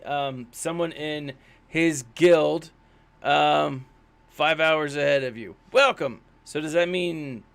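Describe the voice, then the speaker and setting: A man's voice: fairly high pitch, creaky, fairly bright tone. Chatty man streaming a mobile game. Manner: chatty, rambling, with many fillers; self-deprecating. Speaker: gaming live-streamer. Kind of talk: casual live-stream commentary.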